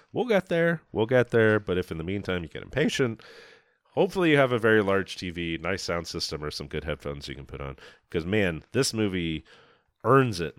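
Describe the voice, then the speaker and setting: A man's voice: low-pitched, smooth, no room sound, clean studio sound. A man co-hosting a film podcast, chatting casually with enthusiasm and some swearing. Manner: enthusiastic, profane, rambling. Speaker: podcast co-host.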